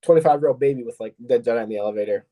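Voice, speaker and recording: A man's voice: mid-range voice, racing, dark tone. A man co-hosting a fan podcast, laid-back and chatty, retelling scenes with many fillers. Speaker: podcast co-host. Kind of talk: casual podcast chat.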